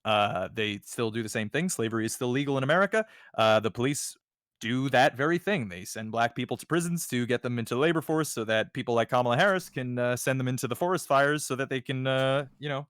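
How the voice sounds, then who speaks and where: Man, streamer co-host, rambling and emphatic, mid pitch, dry close sound. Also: fairly quick, a bit bright, smooth, no echo. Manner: rambling, emphatic, frequent restarts. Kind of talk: casual political chat.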